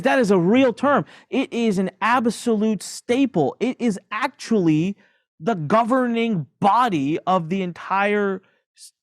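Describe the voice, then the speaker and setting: A man's voice: high-pitched, dry recording, clean studio sound. A man guest on a podcast, telling candid stories in a self-mocking way, joking and laughing as he goes. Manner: animated, self-mocking, jokes and laughs often; frequent fillers and restarts, quick asides. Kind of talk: candid conversational storytelling.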